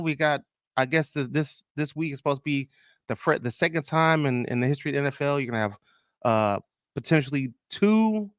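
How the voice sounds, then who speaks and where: Animated, lively man on a sports podcast. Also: a little high, clear, resonant tone, no room sound, studio quality. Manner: animated, exclaiming, many restarts and laughs. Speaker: podcast host. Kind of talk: casual sports chat.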